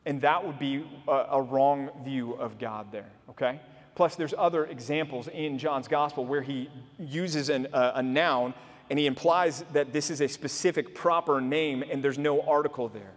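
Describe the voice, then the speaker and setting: A man's voice: mid-range voice, normal speed. A man preaching a sermon as pastor, explaining earnestly and posing rhetorical questions to his listeners. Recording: long hall reverb.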